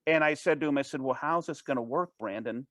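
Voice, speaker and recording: A man as an interview guest, telling a personal story in a casual, animated way, with frequent restarts and false starts. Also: mid-range voice, dry recording. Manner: animated, fast-paced anecdote telling.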